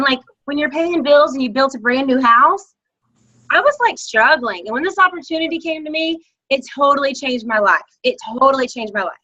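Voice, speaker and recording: A bright, high-voiced woman talks fast and eagerly, spilling encouragement as she rambles on. Her voice comes through a dull, lo-fi video call. She sounds chatty and fired up. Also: no room sound. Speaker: business coach. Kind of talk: motivational video call talk.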